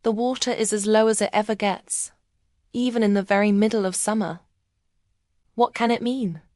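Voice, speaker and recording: A woman voicing a lively, playful young male otter who talks eagerly in a storybook reading. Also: medium pitch, normal speed, no echo, clean studio sound, natural voice. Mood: excited.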